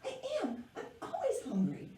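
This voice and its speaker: A woman doing The Very Hungry Caterpillar, squeaky. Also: huge pitch swings, moderate pace, dark tone. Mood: eager. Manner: squeaky, eager, childlike. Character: cheerful, always-hungry caterpillar puppet, male. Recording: echoey room, mic far off.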